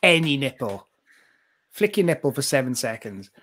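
Male podcast co-host, boisterous and profane, animated delivery. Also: mid-range voice, normal speed, very noisy. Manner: sweary, boisterous, playful. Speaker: podcast co-host sharing trivia facts. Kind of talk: casual banter podcast.

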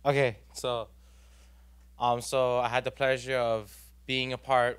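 A man's voice: medium pitch, level tone, unhurried, a bit bright, smooth. A young man, giving an earnest, rambling personal testimony at a church youth gathering, full of fillers and restarts.

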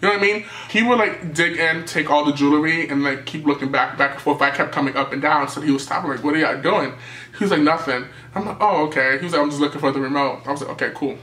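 A young man from New City, telling a storytime tale in a lively, animated way and acting out what people said. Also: fairly high pitch, fast, reverberant, a little hiss or hum. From New York City. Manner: animated storytelling, acting out quotes, jumps to yelps. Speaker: vlogger. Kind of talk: storytime vlog.

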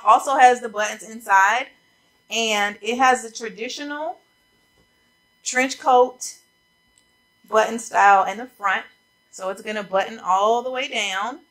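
This fashion vlogger talks coats in an easygoing try-on haul, addressing y'all and sounding a bit out of breath. Her mid-range voice has a fairly bright tone. Poor audio comes from a camera mic pointed toward a ring light.

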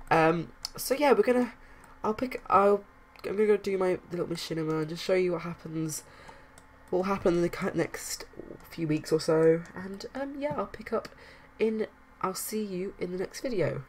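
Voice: medium pitch, lively intonation, normal speed, slight background noise. A casual let's-play commentator who rambles through gameplay with many fillers and restarts, hiccuping now and then.

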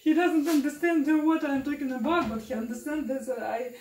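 A woman's voice: sits high, steady tone, moderate pace, a little mellow. A young woman with a Russian accent, talking casually in broken English in a cooking vlog, hesitant with many fillers and restarts. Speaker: family vlogger. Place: home kitchen. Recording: echoey room, distant mic, audible noise.

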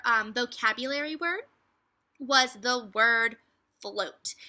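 A young woman teacher speaks to second graders with a very bright, ringing tone. Her pitch sits a little high, and she explains things patiently, often asking "right?" to check in. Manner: friendly, explains slowly with questions like "right?". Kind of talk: teacher reading aloud to children.

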